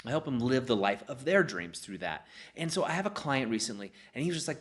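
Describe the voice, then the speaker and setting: A man's voice: medium pitch, sing-song, quick pace, hardly any pauses, fairly bright tone. Conversational man coaching business owners. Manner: conversational, frequent "you know" asides. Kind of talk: motivational storytelling talk.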